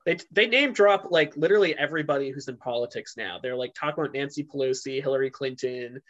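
A man's voice: mid-range voice, quick pace, fairly bright tone. A man co-hosting a podcast in a casual chat, rambling with lots of fillers and restarts. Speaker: podcast co-host. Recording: dull lo-fi sound.

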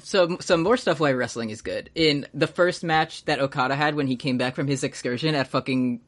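A man co-hosting a podcast in casual chat, telling stories in an animated way and swearing often. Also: mid-range voice, brisk. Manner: animated storyteller, swears a lot. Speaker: podcast co-host.

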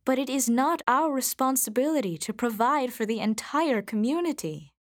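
A woman's voice: sits high, animated, normal speed. A woman doing a cautious, practical mother. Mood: firm. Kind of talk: storybook reading.

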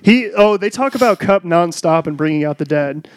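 A man's voice: a little high, lively intonation, moderate pace, no room sound. A man co-hosting a casual podcast chat, joking and laughing as he riffs on running gags. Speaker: podcast co-host.

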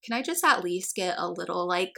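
A woman's voice: lowish voice, expressive, fairly quick, gravelly, bright, forceful tone. A young American woman chatting casually, telling a long personal story and acting out the dialogue, with a lot of "like"s. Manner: chatty storytelling, acts out quoted dialogue, many "like"s. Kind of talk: casual chat.

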